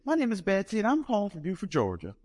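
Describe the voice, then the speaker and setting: Southern church lady caller, polite and eager, sweet high lilt, as a man puts her on; live hall reverb. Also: huge pitch swings, fast talker, darkish tone, exaggerated voice. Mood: sweetly polite. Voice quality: sweet, high, sing-song.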